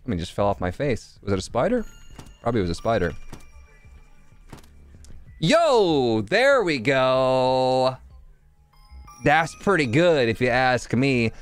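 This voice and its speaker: A man's voice: mid-range voice, brisk, soft background music. Jokey male game streamer. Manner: jokey, animated, chatting with viewers. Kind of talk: casual live game commentary.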